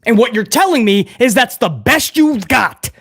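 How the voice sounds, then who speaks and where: A man talks straight to his viewers about wrestling news in a casual, opinionated way, with his pitch jumping all over as he makes his points. The sound is close and dry, with no room around it. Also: moderate pace, slightly rough, dry recording. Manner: blunt, animated, addresses viewers as guys. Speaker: wrestling news channel host.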